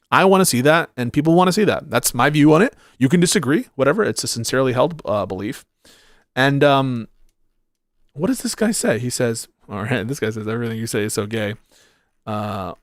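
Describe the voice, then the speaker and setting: A man's voice: mid-range voice, no echo. Male political streamer, live commentary, blunt and swearing, rambles while hunting for comments, dry close sound. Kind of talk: livestream commentary reading chat.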